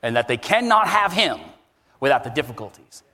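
A man preaching a sermon as pastor, emphatic and animated, his voice rising high on key words. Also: a little fast, big-room sound.

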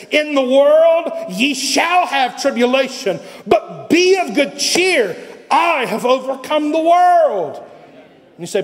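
A male pastor preaching a sermon with dramatic pauses and repeated phrases. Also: extremely high pitch, long reverb tail.

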